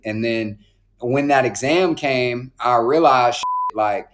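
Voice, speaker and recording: A man in his twenties from North Carolina, a podcast guest telling stories in a relaxed, slangy way with plenty of "like" and "bro". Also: mid-range voice, moderate pace, noisy background. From Raleigh, North Carolina. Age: 20s. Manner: laid-back slang, frequent "like" and "bro". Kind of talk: casual storytelling.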